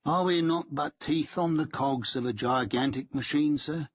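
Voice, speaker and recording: A man's voice: a little high, normal speed, husky, no room sound, dull audio, pitched above the performer's own voice. A man voicing a wry, formally polite middle-aged male spy handler who calls his listener sir. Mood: dry, courteous. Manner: formal, dryly ironic, addresses listener as sir.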